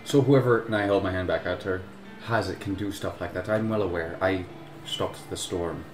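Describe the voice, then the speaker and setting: Deep man, theatrical and haughty in character, echoey room, music behind. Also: normal speed. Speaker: player. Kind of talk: in-character role-play.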